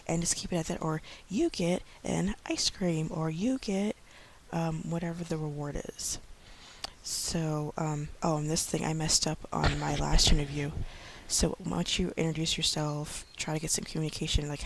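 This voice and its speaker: Gravelly-voiced woman giving casual teaching tips. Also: low-pitched, fairly even intonation, a little hiss or hum. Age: 30s. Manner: chatty, many fillers, slows to model speech for kids. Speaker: online English teacher.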